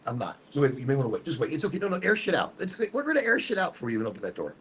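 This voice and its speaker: A man's voice: mid-range voice, huge pitch swings, racing, a bit bright, slight background noise. A man hosting a casual motivational smoke session outdoors in a garden, rambling and upbeat with a preachy streak. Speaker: host. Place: outdoors in a hot botanical garden.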